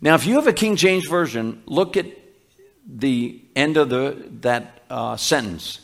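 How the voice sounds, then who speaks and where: Slow-speaking preacher man. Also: mid-range voice, animated, gravelly. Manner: unhurried, teaching, with restarts and emphatic slowed quotes. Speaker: pastor. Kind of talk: sermon.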